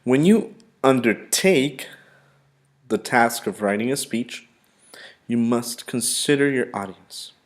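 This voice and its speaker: A male English teacher with a mid-range voice gives a vocabulary lesson, repeating words and pronouncing them slowly and with emphasis.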